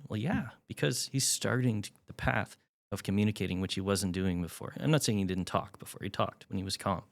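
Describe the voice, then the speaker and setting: A man's voice: fairly low pitch, a little fast, vocal fry. A middle-aged man, a guest on a podcast, telling candid stories about parenting with wry self-deprecating humor. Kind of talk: candid storytelling in an interview.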